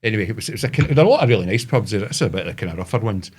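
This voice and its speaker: A man's voice: lowish voice, animated, racing, husky. A Scottish man telling rambling, swearing anecdotes in casual podcast chat. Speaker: podcast co-host.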